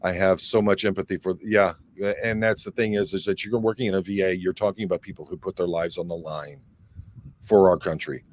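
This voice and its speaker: A man's voice: low voice, steady tone, fairly quick. Rambling man hosting a livestream. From Michigan, near Detroit. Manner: rambling, reads viewer comments aloud with many fillers. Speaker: livestream host reading chat. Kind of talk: casual livestream chat.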